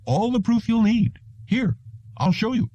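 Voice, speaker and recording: A man voicing a genial, plump middle-aged male salesman with smooth, emphatic patter. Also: sits high, big pitch swings, unhurried, mellow, dry recording, pitched above the performer's own voice, exaggerated voice. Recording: dull lo-fi audiobook recording.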